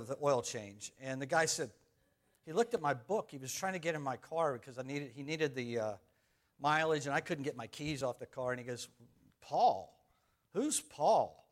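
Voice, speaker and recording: A man who is a pastor, praying for his congregation and then telling a personal story in a halting, conversational sermon with many restarts. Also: on the high side, a bit bright. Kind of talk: sermon with prayer and anecdotes.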